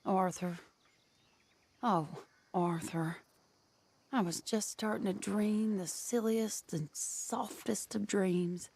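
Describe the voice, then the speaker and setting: A woman acting a gentle, heartbroken woman who reads her farewell letter aloud in a tender, sorrowful, measured way for a video game. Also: medium pitch, steady tone, vocal fry, slightly rough, full character voice.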